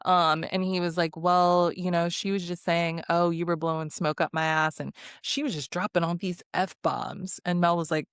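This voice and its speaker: A woman recaps a reality dating show in a loose, chatty rant, her voice sitting a little low. She gets exasperated, swears freely and laughs as she quotes the cast. The sound is dry and close, with no room around it. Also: normal speed, no echo. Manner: animated, exasperated, swearing, laughing, quoting people. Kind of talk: casual recap commentary.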